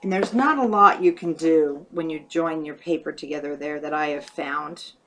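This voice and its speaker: A woman's voice: low voice, normal speed, fairly bright tone, a little hiss or hum. A woman casually talking through a paper craft project step by step, thinking aloud as she works. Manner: chatty, thinks aloud while working. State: hiccups. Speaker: craft tutorial host.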